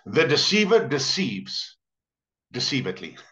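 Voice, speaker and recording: Animated preacher. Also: male voice, medium pitch. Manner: storytelling, emphatic with drawn-out words. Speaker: pastor. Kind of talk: sermon. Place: church service.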